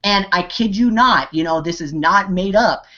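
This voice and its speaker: A man's voice: high voice, normal speed, pushed and bright. A man delivering a motivational pep talk over a video call, his words tumbling out between constant "you know"s, false starts and bursts of passion. The call audio sounds dull and lo-fi. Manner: rambling, heavy on 'you know' and fillers, restarts; impassioned and pep-talking. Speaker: network marketing team leader. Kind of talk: motivational talk on an online hangout.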